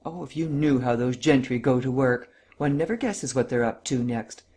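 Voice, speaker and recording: Man voicing an impatient muttering inspector, husky tone, mid pitch. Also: moderate pace, darkish tone, close to an everyday voice. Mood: grumbling. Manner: muttering, grumbling. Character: gruff impatient police inspector, grumbling.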